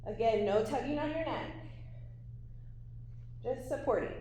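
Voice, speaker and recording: High-voiced woman coaching a workout. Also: unhurried, warm tone, roomy sound, slight background noise. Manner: encouraging, talks through exercises while doing them. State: out of breath at times. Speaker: fitness instructor. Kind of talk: workout instruction.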